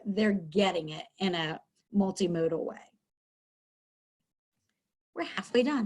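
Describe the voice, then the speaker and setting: A woman's voice: medium pitch, lively intonation, measured pace, pauses often, a little mellow. A middle-aged woman, a school counselor, giving an upbeat, chatty webinar lesson from home over a video call, with many fillers. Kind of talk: webinar teaching talk.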